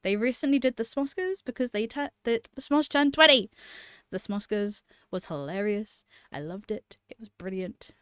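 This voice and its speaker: A woman's voice: medium pitch, moderate pace, a bit bright, clean tone, no room sound, studio quality. A young woman chatting casually to camera as a vlogger, gushing about favourite channels, laughing often and swearing freely.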